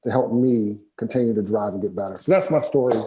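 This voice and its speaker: Mellow-voiced man, measured and hesitant. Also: fairly low pitch, a little hiss or hum, poor audio. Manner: measured, hesitant, many pauses. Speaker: team member sharing a work story. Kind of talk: casual storytelling in a group discussion.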